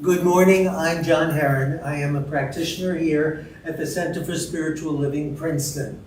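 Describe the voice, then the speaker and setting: A man speaking to a congregation as practitioner at a spiritual center, earnest and unhurried with some fillers, heard from a distance. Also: on the high side, fairly even intonation. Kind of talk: sermon to a congregation. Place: church hall. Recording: roomy distant sound with faint noise.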